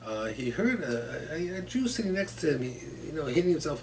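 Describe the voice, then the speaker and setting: A man teaching as rabbi in a weekly Torah class, telling stories in an animated way with frequent repetitions. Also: fairly high pitch, a little fast, few pauses, a crowd in the background. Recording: distant mic in a room.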